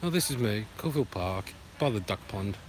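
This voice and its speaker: A man's voice: lowish voice, lively intonation, normal speed. A man with an Australian accent, walking in a park and chatting casually to a phone camera, rambling and making puns. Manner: rambling and punning, sings along loosely. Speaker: vlogger. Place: outdoor park by a duck pond. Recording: noisy outdoor phone recording. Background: outdoor ambience with passing traffic.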